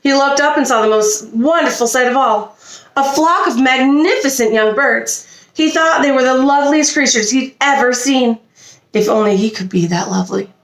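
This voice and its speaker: A woman reading a children's storybook aloud with expressive delivery and small slips. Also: sits high, moderate pace, roomy sound. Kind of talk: reading a picture book aloud. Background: a child nearby.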